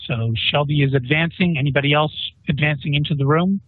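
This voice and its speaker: A man's voice: a little high, brisk, husky, no echo. Game master man on a tinny call. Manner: relaxed, chatty, asks players what they do. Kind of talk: narrating a tabletop game. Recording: tinny phone-like online call.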